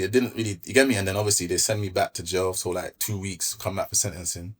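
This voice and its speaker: A man's voice: deep voice, fairly even intonation, quick pace. A man from London with a London accent, a podcast guest casually telling his story in street slang with quoted back-and-forth. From Brixton, London. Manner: laid-back street slang, recounts events with quoted dialogue.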